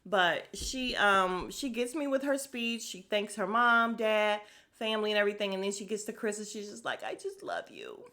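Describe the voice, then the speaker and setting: A woman hosting a podcast, recapping a reality show in a casual, animated and profane way, often laughing, speaking into a podcast microphone. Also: medium pitch, moderate pace. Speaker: podcast host.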